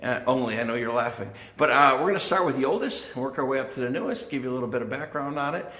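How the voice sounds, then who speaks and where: A man's voice: medium pitch, animated, fast talker, pushed and bright. An older man from the Chicago area hosting a casual vlog about his vintage bicycle collection, chatty and self-deprecating, with fillers and asides. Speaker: vintage bike collector and channel host. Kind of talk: casual show-and-tell vlog. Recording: echoey room with faint guitar music.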